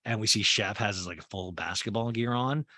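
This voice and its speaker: A man's voice: lowish voice, normal speed, sharp tone, no room sound, clean studio sound. A young man casually recapping a reality show, chatty and sarcastic, poking fun at the cast. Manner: chatty, sarcastic, mocks the cast with quoted asides.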